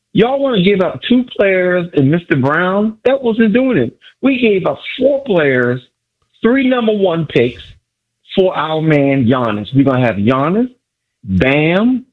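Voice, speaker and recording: A thrilled caller talks in a husky, bouncing voice, looping back to the same lines again and again. He stumbles over names as he rushes ahead. The phone line sounds dull and muffled. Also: sits high, very animated. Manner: exuberant, repetitive, stumbling fan. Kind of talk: excited sports radio call-in. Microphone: phone from a car.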